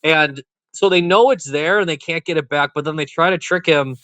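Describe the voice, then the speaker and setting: A man's voice: a little high, normal speed, pushed and bright, clean tone, no room sound. A young man co-hosting a podcast, casually recounting movie scenes and acting out the characters' lines. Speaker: podcast co-host. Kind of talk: casual chat.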